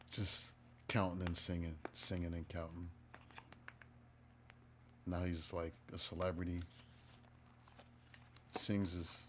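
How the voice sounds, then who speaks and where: A man gives a casual live tarot reading and keeps it playful and chatty. His voice sits fairly low for a man. He jokes his way between the spiritual messages. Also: noisy background. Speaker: tarot reader.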